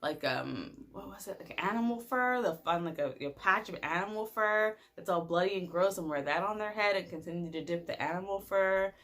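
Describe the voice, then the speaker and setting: This young woman vlogger has a mid-range voice and talks briskly with hardly any pauses. She tells a personal story in a casual, animated way, laughing frequently and filling her speech with fillers.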